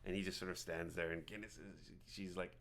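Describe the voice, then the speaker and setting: A man narrating a tabletop game as game master, rambling with many halting restarts. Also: sits low, little pitch movement, creaky, a bit bright.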